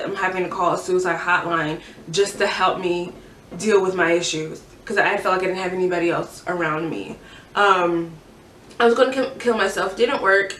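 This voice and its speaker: A young woman telling her own story in a halting, earnest way, restarting her sentences often. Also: lowish voice, a bit bright, slight background noise. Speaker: vlogger sharing a personal story. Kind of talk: candid personal testimony. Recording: echoey room, mic at a distance.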